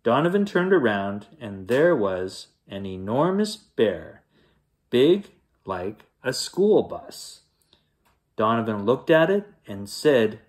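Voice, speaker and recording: Animated man reading a bedtime story. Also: mid-range voice, slow pace. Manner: animated, playful read-aloud with sound effects.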